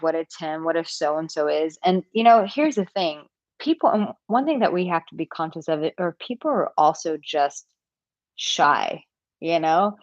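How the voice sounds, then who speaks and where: A woman's voice: lowish voice, no room sound, muffled recording. A woman dating coach answering viewer questions in a live Q&A, candid and chatty, acting out example lines.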